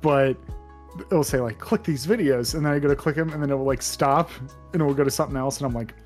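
A man recapping a game on a podcast in a loose, rambling way, full of fillers and false starts. His pitch sits in the middle of the usual range. Faint music plays underneath. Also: quick pace, darkish tone. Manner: rambling, many fillers and restarts. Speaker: podcast co-host. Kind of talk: casual chat.

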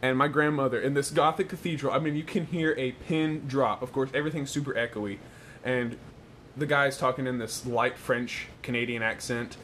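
A young man chatting casually and spinning an animated story. He jumps into loud, laughing exclamations. A faint rumble runs underneath. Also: moderate pace. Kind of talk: casual chat.

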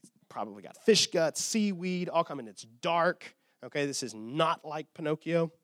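A male pastor delivers a sermon in a casual, animated storytelling way, often checking in with the listeners. His voice sits fairly high and he sounds a bit tired from short sleep. The sound is dry and close, with no room reverb. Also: normal speed. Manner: animated storytelling, casual asides, repeated "okay?".

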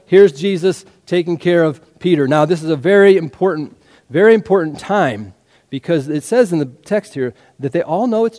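A male preacher with a high, very lively voice that climbs and drops as he tells the story. He keeps throwing questions back at the congregation. The sound carries a long reverb, as in a big church hall. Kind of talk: sermon.

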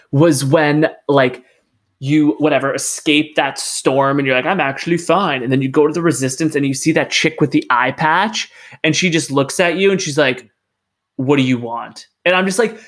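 A man ranting in casual chat about a video game, animated and profane, acting out the characters' lines. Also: mid-range voice.

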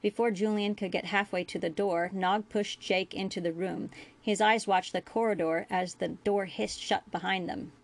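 A woman reading fan fiction aloud as a storyteller, with a steady pace and small slips. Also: medium pitch, normal speed. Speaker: audiobook reader.

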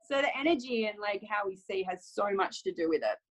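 A young adult woman photographer talking casually, lively and often acting out quoted self-talk with laughs. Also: mid-range voice, fairly quick, a little hiss or hum, low-quality recording. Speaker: photographer guest. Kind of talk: casual conversational chat.

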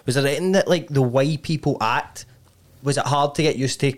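Rambling Scottish podcast host. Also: male voice, medium pitch, fairly quick. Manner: rambling, hesitant questions full of fillers. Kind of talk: casual chat.

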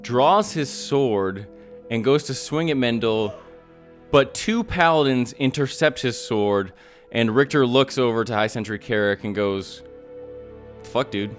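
A man's voice: medium pitch, animated, unhurried, soft background music. A man narrating a tabletop game as game master, loose and often laughing.

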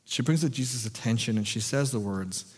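A man's voice: medium pitch, a little fast, slightly rough. American pastor guy preaching, casual and jokey, lots of restarts, voice rings around a big hall. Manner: conversational, jokey, frequent restarts. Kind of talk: sermon.

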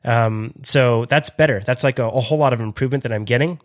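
A man's voice: medium pitch, quick pace. Chatty man with lots of fillers. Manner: chatty, laughs often, many fillers. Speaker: podcast co-host. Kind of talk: casual chat.

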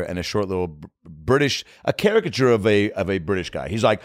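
Fast-talking animated male comedian. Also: on the low side, no room sound, studio quality. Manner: animated, swears freely. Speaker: comedian and podcast host. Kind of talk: casual chat storytelling.

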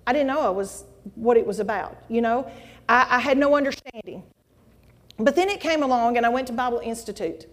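A middle-aged woman giving a folksy, animated testimony to a church congregation. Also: fairly high pitch, brisk. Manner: folksy, animated storytelling, addresses audience as y'all. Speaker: guest speaker at church. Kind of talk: testimony sermon. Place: church sanctuary. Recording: long hall reverb.

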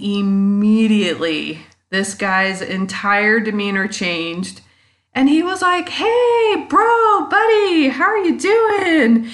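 A woman hosting a podcast, telling personal stories in a chatty monologue and acting out quotes with big jumps in pitch. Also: fairly bright tone. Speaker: podcast host.

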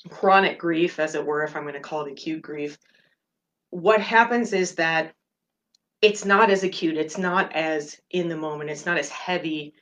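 A woman with a low voice talks softly and openly, as a meditation host sharing something personal. She sounds middle-aged and gentle, and her voice is close to tears at moments. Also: a little hiss or hum. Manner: gentle, candid, openly emotional. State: tearful at moments. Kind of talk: personal reflective talk.

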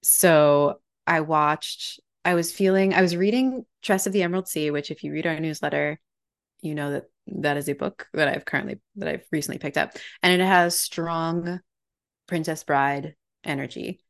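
A woman's voice: deep voice, moderate pace. A young woman co-hosting a podcast, chatting casually in an upbeat way with frequent laughs. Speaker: podcast co-host. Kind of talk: casual chat.

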